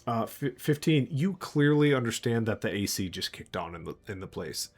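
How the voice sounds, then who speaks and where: A man's voice: mid-range voice, expressive, moderate pace, darkish tone, husky. A man narrating as game master of a tabletop game, loose and full of fillers, chuckling often.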